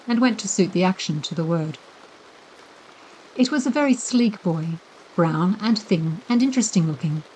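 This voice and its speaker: Calm woman reading a bedtime story. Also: fairly low pitch, husky, low-quality recording. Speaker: narrator. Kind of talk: bedtime audiobook narration.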